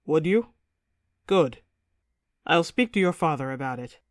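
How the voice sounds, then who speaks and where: A woman reads a nervous young prince in a storybook, earnest and measured, his voice a touch lowered. The sound is dry and close. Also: lively intonation, dry recording. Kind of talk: audiobook character reading.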